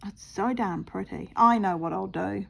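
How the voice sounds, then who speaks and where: A woman casually talking viewers through her stitching, chatty and quick to laugh at her own mishaps. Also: mid-range voice, gravelly, a little hiss or hum. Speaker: craft vlogger.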